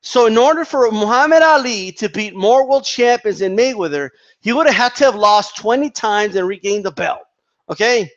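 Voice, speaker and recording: High-voiced man ranting heatedly. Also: lively intonation, normal speed, highs cut off. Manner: heated, profane, frequent restarts. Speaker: boxing commentator. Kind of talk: ranting commentary vlog.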